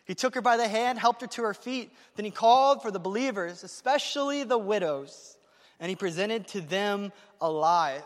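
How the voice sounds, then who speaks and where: A man preaching a sermon to his church, talking fast and excitedly, with emphatic repetition. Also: sits high, big-room sound. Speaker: pastor. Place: church sanctuary.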